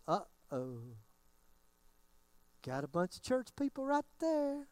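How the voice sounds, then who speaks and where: A man's voice: very high voice, very animated, measured pace, pauses often, darkish tone, dry recording. A man preaching a sermon in a casual, conversational way, often acting out what his listeners might be thinking. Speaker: pastor.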